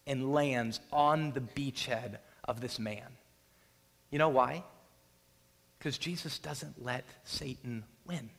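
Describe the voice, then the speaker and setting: A pastor with a medium-pitched, fairly bright voice preaches a sermon, dramatically retelling a scripture scene and acting out its characters' voices. The recording carries a long hall reverb.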